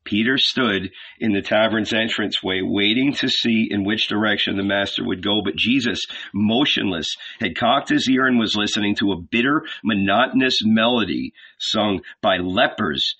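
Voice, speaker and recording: A man reading a novel aloud in a measured, deliberate, dramatic way, on a dull lo-fi recording. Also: lowish voice, pushed and bright, husky. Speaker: audiobook reader.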